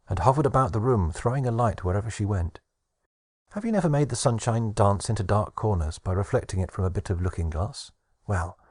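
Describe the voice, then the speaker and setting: A man narrating a children's audiobook in a gentle storybook reading style. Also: fairly low pitch, slightly rough, dry recording, studio quality.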